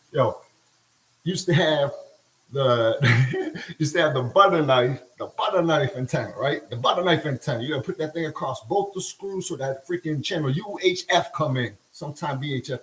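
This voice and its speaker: A man's voice: on the high side, roomy sound, low-quality recording. A middle-aged man rambling in casual livestream talk while he cooks, slangy and laughing often. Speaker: livestream host.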